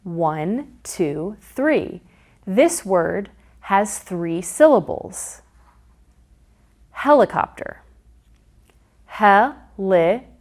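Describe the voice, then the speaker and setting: A woman reading a scripted teaching guide and pronouncing each syllable slowly and clearly. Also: mid-range voice, big pitch swings, a little mellow. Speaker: curriculum narrator. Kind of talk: scripted instructional narration.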